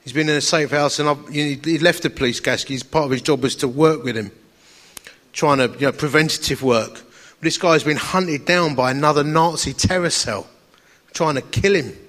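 Man, evangelist, comic storytelling, self-mocking, slightly high voice. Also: normal speed, long reverb tail. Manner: lively, self-mocking, acts out dialogue. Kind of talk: humorous storytelling to an audience.

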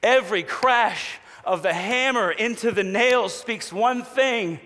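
A man preaching a sermon as a pastor, measured and slow with long pauses, falling to a hushed voice for quoted promises. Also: high-pitched. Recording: long hall reverb.

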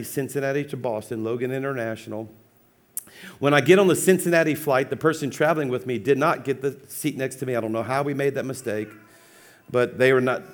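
A man preaching as a pastor, telling a funny personal story with lively, laughing acted-out dialogue. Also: mid-range voice. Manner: animated, humorous, acts out dialogue with laughs. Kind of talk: sermon storytelling.

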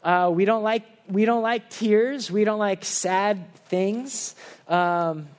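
A man with a notably high voice preaches to a church congregation. He speaks in a relaxed, conversational way and weaves earnest personal stories into the sermon. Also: takes it slowly, clear, resonant tone. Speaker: pastor. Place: church service.

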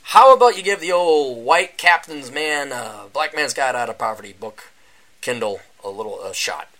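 A man hosting a casual solo podcast, rambling and sarcastic, often mocking other people in a high voice. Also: lively intonation, normal speed, pushed and bright. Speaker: podcast host. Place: indoors during a power outage.

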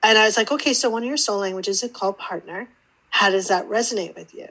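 A woman's voice: mid-range voice, quick pace, breathy edge, rough recording. A woman guest on an interview podcast, telling her story casually and acting out the voices in it. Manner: animated, acts out quoted dialogue. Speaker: podcast guest, intuitive teacher.

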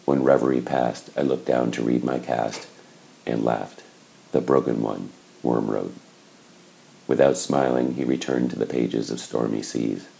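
A man reading a novel aloud in a measured, reflective way. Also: rumbling low, fairly even intonation, vocal fry, warm tone, low-quality recording. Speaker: narrator. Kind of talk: scripted audiobook narration.

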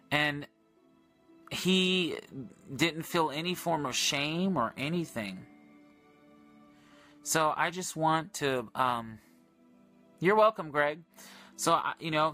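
A man ministering on a livestream, earnestly retelling a prayer encounter in casual storytelling with much quoted dialogue and excited high points.

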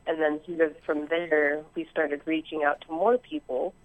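Lady caller on a thin phone line, rambly and excited, lots of ums. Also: sits low, moderate pace. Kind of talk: call-in chat. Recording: phone-like internet call line.

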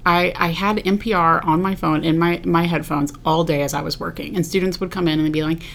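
A woman's voice: fairly low pitch, steady tone, a little fast, vocal fry. A woman co-hosting a podcast, talking in a chatty, rambling way with lots of fillers. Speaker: podcast co-host. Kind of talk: casual chat.

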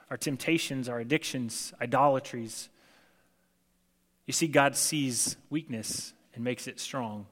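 A man's voice: mid-range voice, fairly bright tone. A young adult man preaching a sermon in a conversational, self-deprecating way, acting out the quotes he tells. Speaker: pastor. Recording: long hall reverb.

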